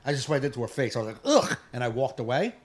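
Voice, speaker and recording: A man co-hosting a live podcast, ranting in casual chat, profane and fired up, with bursts of yelling. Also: mid-range voice, racing. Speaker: podcast co-host.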